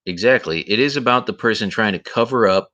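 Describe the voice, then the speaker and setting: Indignant guy ranting on his stream, lowish voice, sharp bright edge, sounds tired. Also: a little fast, highs cut off. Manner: indignant, ranting, repeats himself. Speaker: livestream host. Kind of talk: heated commentary livestream.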